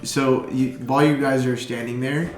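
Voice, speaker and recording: A man narrating as game master, animated and laughing often. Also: medium pitch, normal speed, roomy sound, faint music behind.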